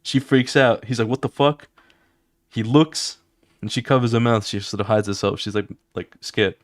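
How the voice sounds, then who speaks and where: A man who streams his drawing, casually walking viewers through his comic pages with animated, fast talk, swearing and sound effects. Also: fairly low pitch, no room sound, studio quality.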